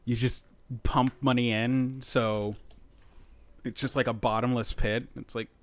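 A man's voice: medium pitch, flat delivery, measured pace, dry recording. Rambling man with a dry close voice. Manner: rambling, hesitant, many fillers. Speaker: podcast guest. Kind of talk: casual chat.

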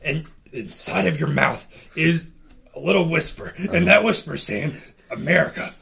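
A man's voice: fairly high pitch, normal speed, gravelly, bright, forceful tone, exaggerated voice. A man playing a blustering, paranoid conspiracy talk-show host in an improv comedy bit, rambling earnestly and getting worked up. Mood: conspiratorial. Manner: rambling, earnest, prone to emotional outbursts.

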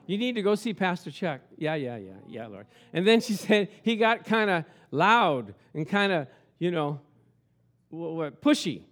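A male pastor preaching a sermon, animated and storytelling, at times shouting. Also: high-pitched, normal speed.

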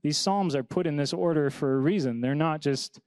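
A young man preaching as a pastor, reading scripture dramatically and talking to the congregation in a casual, animated way. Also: fairly high pitch, moderate pace, smooth, no room sound. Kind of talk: sermon.

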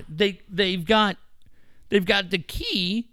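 A man spins stories in a loose, swearing chat, his pitch bouncing all over the place. His voice is bright and forward, and the close mic leaves it dry with no room sound. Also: normal speed, dry recording. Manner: animated, profane, laughs often. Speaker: radio engineer telling stories. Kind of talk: casual storytelling chat.

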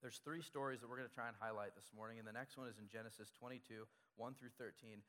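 A male pastor delivers a sermon in a relaxed, conversational way, circling back to the same key phrase again and again. His voice sits at an ordinary male pitch, and the long reverb of a large church hall trails behind each phrase. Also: quick pace.

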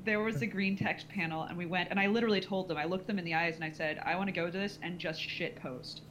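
A woman co-hosting a podcast in casual group chat, loud, excitable and swearing freely. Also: on the low side, fast, slight background noise, low-quality recording. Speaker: podcast co-host.

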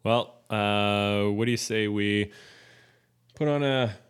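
A man's voice: on the low side, slow, clear, resonant tone. A man co-hosting a podcast in casual chat, laid-back with brief replies. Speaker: podcast co-host.

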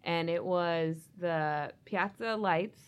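Chatty woman with a low voice. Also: takes it slowly, clean tone. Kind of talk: casual panel chat.

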